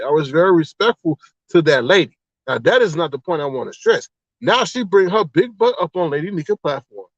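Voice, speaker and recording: A man's voice: sits high, no room sound, highs cut off. A man hosting a livestream, chatting casually to his viewers about online drama and acting out the exchanges he quotes. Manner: animated storyteller who acts out quoted exchanges. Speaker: livestream host. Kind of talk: casual gossip commentary to a live chat.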